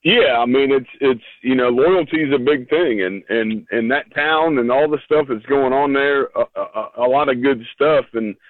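Laid-back co-host on a phone line. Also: male voice, medium pitch, no echo. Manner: laid-back, halting, repeats words. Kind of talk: casual sports talk.

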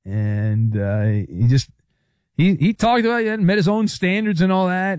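Animated male sports radio host. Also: sits high, unhurried, dry recording, clean studio sound. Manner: animated, emphatic, sometimes yelling. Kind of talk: casual sports talk with live-read ad.

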